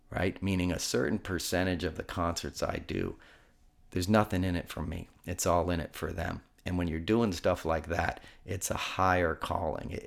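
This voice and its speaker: A man's voice: sits low, gravelly. A man in his fifties hosting a podcast, telling rambling, heartfelt stories from home with many restarts and digressions. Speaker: podcast host. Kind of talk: casual storytelling monologue. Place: home room.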